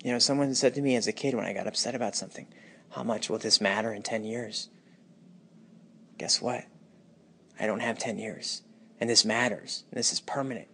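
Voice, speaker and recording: A man speaking a raw, emotional personal monologue, anguished and bitter, moving between hushed and intense delivery. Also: on the low side, steady tone, fairly quick, gravelly, pauses often, slight background noise.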